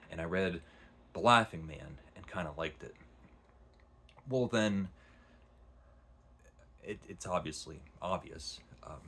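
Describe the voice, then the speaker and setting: A man's voice: low-pitched, slightly rough. A man casually retelling and reviewing a long novel, rambling with frequent restarts. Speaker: book reviewer. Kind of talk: casual book review vlog.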